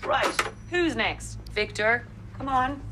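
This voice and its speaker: A wisecracking Irish tutor. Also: female voice, high voice, animated, bright, forceful tone, slight background noise, exaggerated voice. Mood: wry. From Ireland. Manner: quick, joking, self-mocking banter. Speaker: English tutor. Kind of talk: comedy drama acting.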